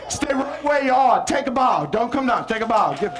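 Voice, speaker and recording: A man's voice: high-pitched, lively intonation, fairly quick, a faint crowd, slight background noise. A man from New Orleans, a visiting poet, performing his poems theatrically and cueing the audience to repeat lines. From New Orleans, United States. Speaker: visiting poet leading children and adults. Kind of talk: call-and-response poetry performance. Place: school hall with a live audience. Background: faint audience voices repeating lines.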